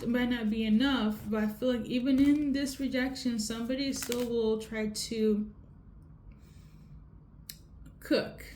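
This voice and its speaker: Tarot reader, female, fairly high voice, chatty, keeps asking "okay?", roomy echo with faint hiss. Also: a little mellow. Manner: repeats "okay?" often, conversational. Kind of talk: casual tarot reading. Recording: echoey room with faint noise.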